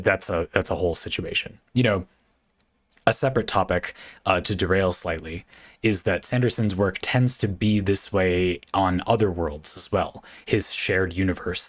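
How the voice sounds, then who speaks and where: A man hosting his channel, musing in a rambling casual way with many fillers and restarts as he thinks aloud. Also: on the low side. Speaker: channel host. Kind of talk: casual commentary on game design.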